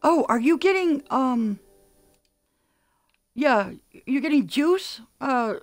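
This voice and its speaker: An older woman livestreaming a game, chatting excitedly and calling out orders to her teammates. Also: high-pitched, takes it slowly, long pauses, dry recording. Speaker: gaming streamer. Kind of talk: live gameplay commentary.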